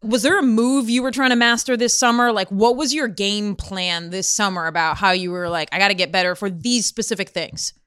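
A woman's voice: mid-range voice, fairly quick, few pauses, a bit bright, clear, resonant tone. A woman hosts a sports interview, moving the talk along with friendly, direct questions. Her voice sits in a middle range. The sound is dry and close, with no room echo. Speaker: sports podcast host. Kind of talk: casual interview.

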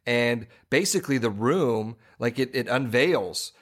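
A man's voice: medium pitch, expressive, measured pace. A man co-hosting a podcast in casual chat, rambling with frequent restarts and fillers. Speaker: podcast co-host.

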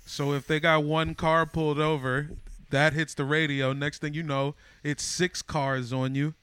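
A man talks casually among friends in a smooth, resonant voice with a bright edge. He sounds dry and close, with no room echo, and his manner is relaxed and reflective. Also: a little high, unhurried. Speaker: friend in conversation. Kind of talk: casual chat.

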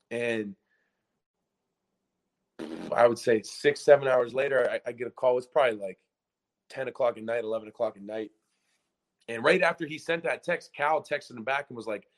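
A young man from Pennsylvania, a former college basketball player, telling a story in a casual podcast interview, excited and rambling, acting out quotes. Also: mid-range voice. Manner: excited, rambling, full of restarts and acted-out quotes.

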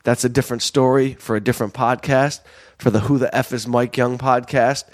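A man's voice: mid-range voice, fairly quick. A man hosting a podcast, telling a rambling, self-mocking story in casual talk and acting out what people said. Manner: rambling, animated, self-mocking, acts out quotes.

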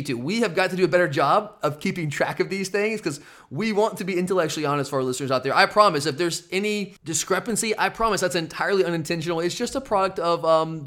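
Man, high voice, podcast host, casual betting chat, teasing, rambling restarts. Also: fairly bright tone.

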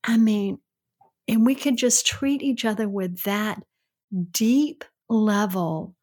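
A woman's voice: a little high, takes it slowly, darkish tone. A middle-aged woman with a Southern US accent, co-hosting a podcast in an earnest, heartfelt way. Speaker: podcast co-host. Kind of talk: casual podcast chat.

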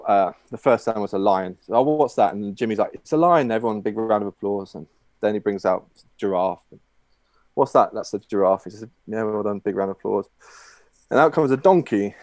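A man's voice: fairly low pitch, a little mellow, no echo. Rambling man telling a long joke. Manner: rambling, many fillers and restarts. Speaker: guest.

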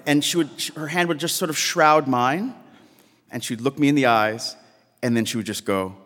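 A man telling a personal story on stage, halting and repeating words, often laughing as he speaks. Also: medium pitch, fairly bright tone, long reverb tail.

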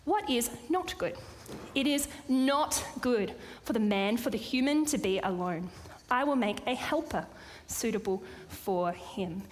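High-voiced woman preaching in a hall. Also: lively intonation, unhurried, few pauses. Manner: playful, chatty asides to the audience. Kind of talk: sermon. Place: church or hall with a live audience. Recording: long hall reverb.

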